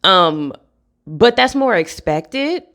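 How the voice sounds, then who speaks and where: A woman's voice: medium pitch, expressive, takes it slowly, a bit bright. A young woman, speaking bluntly and with frustration in a candid vlog rant, swearing freely. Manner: blunt, frustrated, profane, laughs between points. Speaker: vlogger.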